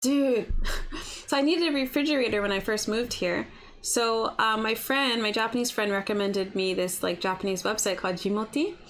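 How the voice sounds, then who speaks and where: A woman's voice: a little high, normal speed, a little hiss or hum. A young woman hosting a casual breakfast livestream from her apartment. She chats freely, fills her talk with "like", and answers viewers' comments as they come in. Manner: chatty, lots of "like" fillers, reads and answers comments. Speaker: livestream host. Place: home apartment.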